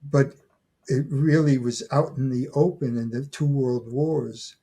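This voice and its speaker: A man in his eighties, a guest on an interview podcast, speaking haltingly and often repeating words as he restarts his sentences. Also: mid-range voice, steady tone, dark tone, husky. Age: 80s. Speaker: guest, folklore scholar. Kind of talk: conversational interview.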